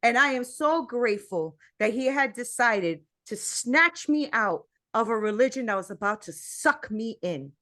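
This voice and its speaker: Animated high-voiced woman telling her testimony. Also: unhurried, few pauses. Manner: animated, earnest storytelling with many "like" and "you know" fillers. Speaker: interview guest, motivational speaker. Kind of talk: personal faith testimony in conversation.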